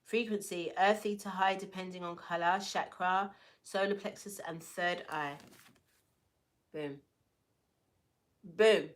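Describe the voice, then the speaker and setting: A woman's voice: on the low side, steady tone, unhurried. A woman giving a casual oracle card reading, playful and affirming, with slangy asides to her viewers. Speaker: tarot and oracle card reader.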